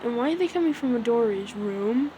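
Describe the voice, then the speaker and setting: A woman with a slightly higher voice chats her way through a story recap, rambling and looping back with casual fillers. A faint hiss of noise sits under her voice. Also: lively intonation, brisk, warm tone, low-quality recording. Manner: rambling, full of "like" and "so yeah". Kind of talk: casual retelling.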